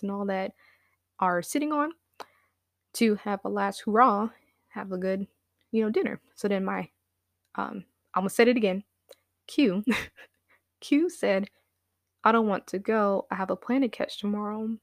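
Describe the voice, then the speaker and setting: A woman's voice: unhurried, pauses often, dry recording, clean studio sound. A woman casually telling a personal story, acting out what others said with big jumps in her voice. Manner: animated, acts out quotes with big pitch jumps, laughs now and then.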